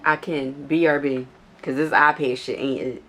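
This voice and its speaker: A woman's voice: rumbling low, fairly even intonation, normal speed, fairly bright tone, a little hiss or hum. A woman vlogger telling a casual storytime in a blunt, profane and sassy way.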